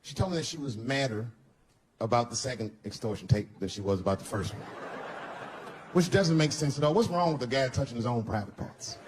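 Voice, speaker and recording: Animated fast-talking male comedian. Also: a little hiss or hum. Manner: animated, acts out voices of son and wife with big pitch jumps. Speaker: stand-up comedian. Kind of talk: stand-up comedy storytelling. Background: audience laughter.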